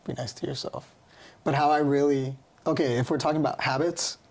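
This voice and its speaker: A man's voice: medium pitch, steady tone, a little fast. A man talking as a podcast guest in a casual, reflective conversation, earnest and loose with slangy phrasing. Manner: earnest, musing, with easy laughs.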